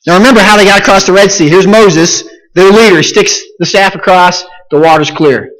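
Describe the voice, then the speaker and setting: A man with a high-pitched voice preaches a sermon, retelling the story in plain, animated words and leaning on repeated phrases. His voice carries a long reverb, as from a large church hall. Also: a little fast. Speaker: pastor.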